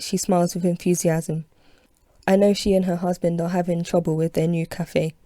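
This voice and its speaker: A woman's voice: lowish voice, level tone, fairly quick, dark tone, no echo, clean studio sound. A woman reading her own novel aloud as an audiobook, telling it in the first person with expression. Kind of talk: audiobook narration.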